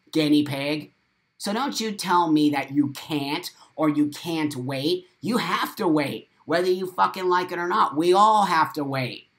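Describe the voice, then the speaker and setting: A man's voice: a little high, fairly bright tone. A middle-aged man hosting a live video show, delivering a blunt, profane, preachy monologue and repeating phrases for emphasis. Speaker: host of a live morning show.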